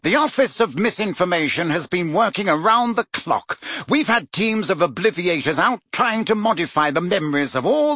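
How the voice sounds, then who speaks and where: A flustered male wizard minister, his voice pitched high and climbing as he rattles on heatedly, as a male audiobook reader puts him on. The tone is bright and a touch husky, close and dry. He sounds defensive and quick. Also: dry recording, full character voice. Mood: miserable. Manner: rapid, heated, rising pitch when pressed.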